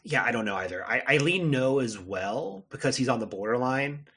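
A man co-hosting a podcast in casual chat, speaking lively with lots of fillers. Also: mid-range voice, normal speed, slightly rough. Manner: lively, uses many fillers like "like". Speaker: podcast co-host.

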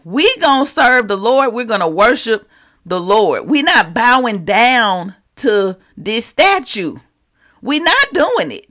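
A preacher voicing three young Hebrew men who flatly refuse to bow to a king, in a slightly lower, stubborn tone. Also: slow, full character voice. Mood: defiant.

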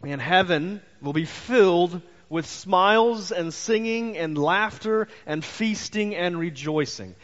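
A man preaching a sermon as pastor, telling stories in an animated way and briefly acting out the voices he quotes. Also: sits high, slow, hardly any pauses. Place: church sanctuary. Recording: muffled church hall reverb.

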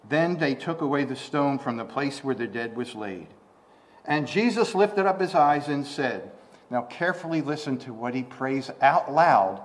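This is an expressive, moderately paced sermon from a man who talks conversationally, throws out rhetorical questions, and restarts often. Quoting scripture lifts his pitch and volume.

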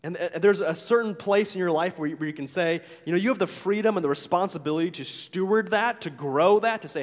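A man's voice: sits high, fast talker, few pauses. Conversational male pastor in a reverberant hall. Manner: conversational, frequent "right?" asides, acts out quoted complaints. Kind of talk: sermon.

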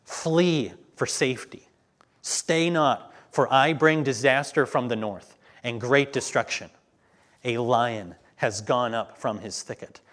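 A man preaching a sermon, reading scripture slowly and with weight, then talking plainly to his listeners. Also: mid-range voice, fairly bright tone. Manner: reads scripture slowly and emphatically, then talks plainly to the congregation.

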